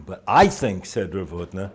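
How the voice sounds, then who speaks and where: An older man, a rosh yeshiva, giving a holiday talk to students, telling stories with dry humor and pausing often with "uh.". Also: lowish voice, breathy edge. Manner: halting, with frequent "uh" fillers. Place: yeshiva in Jerusalem.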